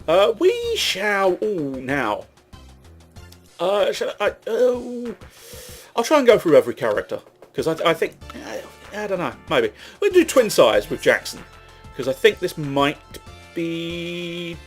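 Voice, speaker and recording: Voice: mid-range voice, huge pitch swings, slow pace, faint music behind. A let's play gamer giving casual commentary while playing, rambling and correcting themselves, swearing at their own mistakes.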